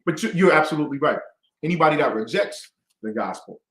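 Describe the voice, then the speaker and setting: Guy teaching bible class, lively up and down voice, fires questions at the class, echoey room. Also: fairly high pitch, quick pace. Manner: quizzes the class and drives answers with emphatic questions. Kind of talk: call-and-response Bible class.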